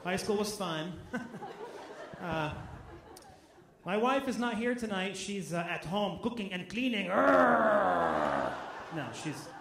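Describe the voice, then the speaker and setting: Stand-up comic, male, slightly high voice, punchy self-mocking delivery, echoey club room with audience noise around him. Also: measured pace. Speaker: stand-up comedian. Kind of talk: stand-up set. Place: comedy club stage with live audience.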